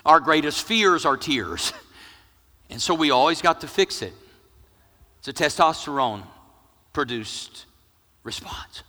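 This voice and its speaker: A middle-aged male pastor preaching with jokes, swinging between loud emphasis and hushed near-whispers. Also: on the high side, animated, slow pace, pauses often, big-room sound. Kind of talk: sermon.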